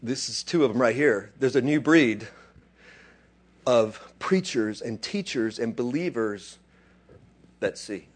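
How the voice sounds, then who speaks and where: A man preaching a sermon, dropping to quiet asides and then rising into loud, excited bursts. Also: medium pitch, slow, long pauses, husky. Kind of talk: animated sermon.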